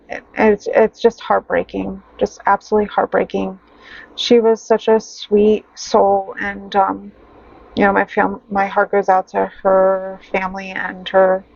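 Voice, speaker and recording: A tired, sad woman in her thirties chatting to camera at her home desk, rambling and halting with sighs and fillers. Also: medium pitch, vocal fry. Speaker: budgeting vlogger. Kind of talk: casual chat to camera. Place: home desk in loft bedroom. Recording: dull lo-fi home recording.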